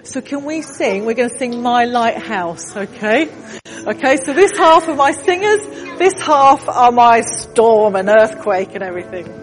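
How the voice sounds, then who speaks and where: High-voiced woman leading a church story. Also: measured pace, long reverb tail, soft background music. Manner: animated, directing the congregation. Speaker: children's talk leader. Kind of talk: storytelling with audience participation. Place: church hall.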